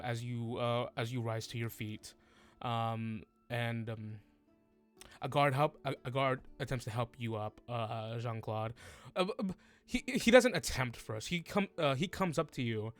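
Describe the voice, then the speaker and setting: A man narrating as game master, halting with many fillers and restarts. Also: mid-range voice, soft background music.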